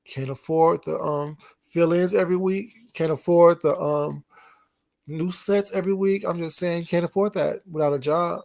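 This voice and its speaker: Man, livestream host, casual gossip, teasing, fairly high voice, gravelly fry. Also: fairly even intonation, moderate pace, darkish tone. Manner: gossipy, teasing and laughing often. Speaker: livestream host talking to chat.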